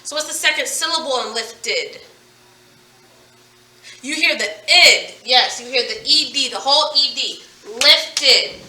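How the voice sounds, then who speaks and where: A woman's voice: sits high, unhurried, pauses often, pushed and bright, slight background noise. Woman teaching phonics, playful and overenunciating, echoey room, far from the mic. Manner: playful, over-enunciating target sounds. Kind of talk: online phonics lesson.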